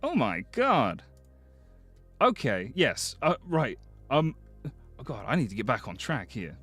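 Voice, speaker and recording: A man streaming live, chatting casually with viewers, excitable and swearing often as he thanks them. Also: medium pitch, slow, breathy edge, no room sound, soft background music. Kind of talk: casual livestream chat.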